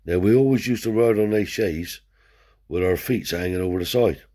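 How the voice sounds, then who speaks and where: A man's voice: lowish voice, normal speed, dark tone. An older man, a Romany traveller telling rambling stories in broad dialect, peppered with swearing and "see?". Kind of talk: rambling oral storytelling.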